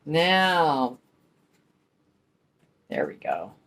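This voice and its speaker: A woman's voice: low voice, huge pitch swings, very slow, fairly bright tone. A middle-aged woman hosting a crafting channel, chatting in a folksy way while she paints and explains each step. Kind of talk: casual craft tutorial talk.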